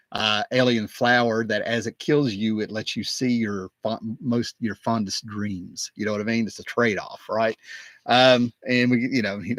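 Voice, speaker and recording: A man hosting his own video, talking casually and excitedly, wandering off on tangents with plenty of fillers. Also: medium pitch, dry recording. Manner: excited, digressive, many fillers. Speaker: comic book collector and video host. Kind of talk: casual rambling talk.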